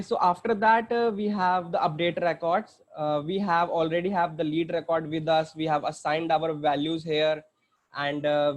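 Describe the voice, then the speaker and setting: A man with an Indian English accent walking through a software demo on a screen share, hesitant, with many fillers and restarts. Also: on the high side. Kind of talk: screen-share tutorial walkthrough.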